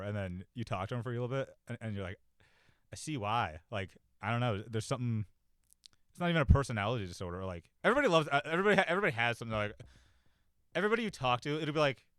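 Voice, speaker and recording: A man hosting a casual talk show, rambling and self-deprecating, swearing freely and filling every pause, on a cheap close mic. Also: on the low side, fairly bright tone, dry recording. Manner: rambling, profane, self-deprecating, many fillers. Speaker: podcast host. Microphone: cheap desk mic, close.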